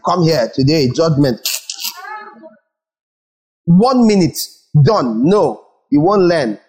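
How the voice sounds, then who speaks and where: A man's voice: sits high, a little mellow, rough recording. A man from Nigeria preaching a sermon as pastor, acting out little scenes and repeating words for emphasis.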